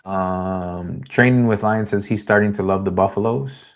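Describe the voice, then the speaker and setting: A man's voice: on the low side, unhurried. A man hosting a casual livestream, talking in a loose, rambling way and reading viewer comments aloud. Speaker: host.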